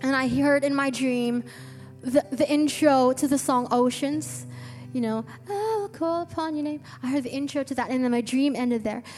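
A woman's voice: high-pitched, moderate pace, a little mellow. A woman preaching a sermon to her church, telling an earnest story with eager restarts. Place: church hall. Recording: long reverb with faint music.

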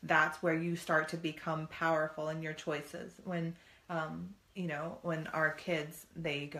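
A middle-aged woman with a notably low voice, talking earnestly like a coach in casual conversation. Her voice carries a roomy echo. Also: flat delivery, unhurried, sharp tone. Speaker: podcast co-host.

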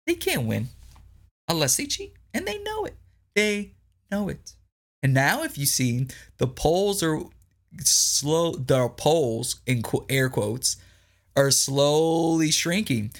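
A man's voice: mid-range voice, gravelly. A man hosting a political commentary podcast, reading news aloud and reacting in an incredulous, ranting way, repeating lines for emphasis.

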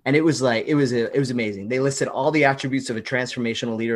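A man in a mid-pitched voice explaining research as a podcast guest. He is enthusiastic and emphatic, a self-described nerd who clearly enjoys the details. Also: steady tone, fast talker.

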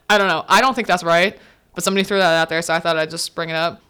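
A woman's voice: lowish voice, steady tone, fast, sharp tone, clear, resonant tone. Chatty young woman recapping a movie. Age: young adult. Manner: chatty, laughing, acts out characters' lines. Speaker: podcast host.

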